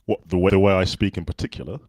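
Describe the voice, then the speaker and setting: A man's voice: sits low, racing, slight background noise. A man from the UK with a well-spoken Southern English accent, telling stories as a guest in a casual interview. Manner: relaxed anecdotal storytelling.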